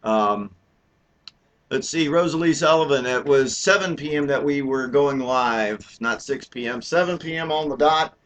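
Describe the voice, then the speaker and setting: A man hosts a casual live stream in a medium-pitched, fairly bright voice, speaking slowly. He rambles, pokes fun at himself, and fills his speech with fillers, all through dull lo-fi stream audio.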